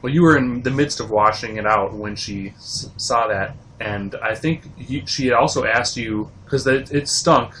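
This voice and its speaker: A man's voice: medium pitch, moderate pace, hardly any pauses, fairly bright tone, a little hiss or hum, rough recording. A man, a podcast guest, adding short remarks in casual chat.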